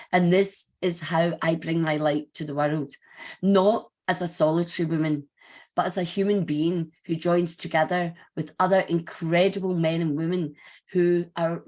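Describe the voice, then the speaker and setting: A woman's voice: on the low side, darkish tone. A woman who is an award recipient giving an earnest, emotional inspirational speech over a video call.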